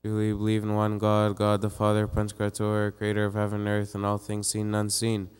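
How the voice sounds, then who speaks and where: Man, very low voice, rapid liturgical recitation, monotone, faint noisy stream. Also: smooth. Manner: fast monotone chanting of prayers. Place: church. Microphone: live stream mic.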